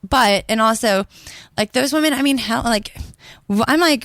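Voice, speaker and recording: A woman's voice: a little high, normal speed, fairly bright tone, no room sound. A woman co-hosting a podcast, talking in a blunt, rambling way with lots of fillers. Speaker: podcast co-host. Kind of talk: casual opinionated chat.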